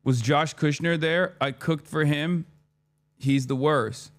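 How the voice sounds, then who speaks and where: A streamer in his thirties, his voice on the high side, takes his time telling a casual story. He's full of swearing and energy, playing out his own spoken lines.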